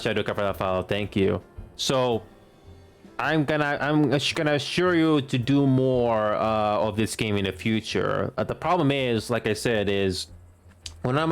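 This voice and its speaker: A streamer in his late twenties offers casual commentary on his gameplay. His voice is on the low side and smooth, but his delivery is halting, with stumbles and restarted words.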